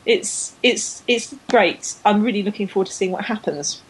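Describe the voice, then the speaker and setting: Chatty husky-voiced woman podcaster. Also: mid-range voice, moderate pace, rough recording. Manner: chatty, enthusiastic, lots of fillers and restarts. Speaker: podcast co-host. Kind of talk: casual chat about women's cycling.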